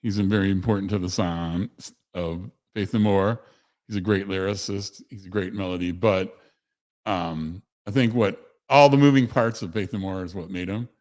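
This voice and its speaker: A man's voice: low-pitched, moderate pace, a little mellow. A man hosting a casual livestream, rambling conversationally with self-corrections and answering chat messages. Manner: reads chat messages aloud to viewers. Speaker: host of a livestream show.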